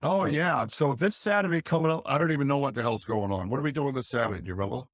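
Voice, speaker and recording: A man who hosts a paranormal podcast, appearing as a guest and talking energetically and excitedly in a casual interview. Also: mid-range voice, quick pace, no echo.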